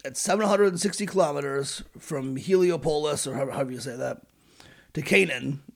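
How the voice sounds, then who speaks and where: A sarcastic man narrates with irreverent, foul-mouthed asides. His voice is gravelly and husky, slightly higher than most. It swings widely in pitch as he jokes. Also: brisk. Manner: sarcastic, profane. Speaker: podcast host.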